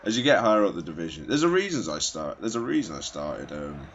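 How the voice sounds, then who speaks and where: Deep-voiced man, wry gameplay commentary. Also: very animated, fast, a little hiss or hum. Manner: wry, self-mocking, rambling asides. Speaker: gaming commentator. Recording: slightly dull lo-fi recording.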